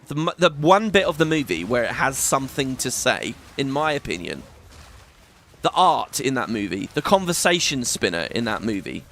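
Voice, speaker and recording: A man's voice: medium pitch, sharp tone. British dude chatting over his game, rambly and sweary, bouncy voice with a faint background hiss. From Britain. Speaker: gaming YouTuber. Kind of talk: casual gameplay commentary.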